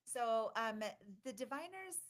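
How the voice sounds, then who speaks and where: A woman co-hosting a livestream, chatting excitedly with many fillers and restarts. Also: fairly high pitch, a little slow. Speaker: conference organizer and co-host. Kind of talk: casual livestream chat.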